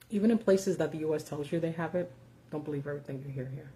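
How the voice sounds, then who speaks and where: Warm and low, her voice moves briskly over a slight hiss or hum as she hosts a live video. Expect casual talk laced with sarcasm, frequent fillers and the occasional swear word.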